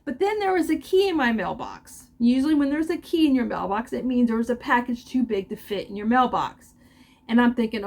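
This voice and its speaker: An older woman with a fairly high voice talks in a loose, chatty way, stopping and restarting her sentences. She comes across as openly emotional and often laughs between thoughts. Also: animated, brisk, creaky, a little mellow. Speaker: crochet vlogger. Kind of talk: casual chat.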